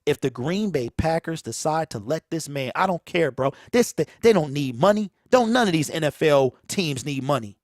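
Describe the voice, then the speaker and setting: An expressive, high-leaning male voice hosts a sports talk show in a Michigan accent, speaking at normal speed with few pauses. He rants in preachy casual commentary, repeating phrases to drive points home, and the echo-free close-mic recording pops on plosives.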